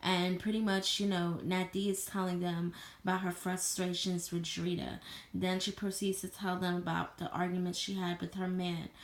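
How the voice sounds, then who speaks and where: Woman, low-pitched, flat delivery, casual vlog recap, chatty and profane, echoey room. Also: normal speed. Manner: loose and chatty, swears freely, leans on "you know". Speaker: TV show reviewer.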